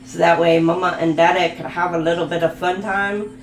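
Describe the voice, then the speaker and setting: A woman's voice: lowish voice, steady tone, brisk, reverberant, faint music behind, rough recording. A woman giving a casual live tarot reading from home, chatty and rambling with lots of fillers and laughter. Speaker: tarot reader. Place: home room.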